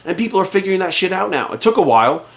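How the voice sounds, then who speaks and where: Fast-talking, profane man ranting to camera. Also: high voice, sing-song, creaky. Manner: profane, emphatic, heated. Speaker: fitness coach. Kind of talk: casual rant to camera. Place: his office. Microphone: camera in front of him.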